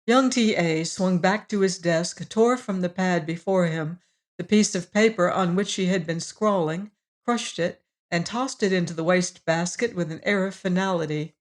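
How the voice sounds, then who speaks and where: Lady narrating an old novel audiobook, measured storytelling. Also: fairly low pitch. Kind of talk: scripted narration.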